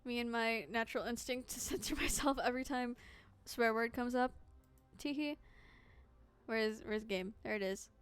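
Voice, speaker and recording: A woman's voice: a little high, fairly even intonation, moderate pace, hardly any pauses, clean tone. A woman streamer giving casual, playful commentary while she plays a game, joking and laughing often.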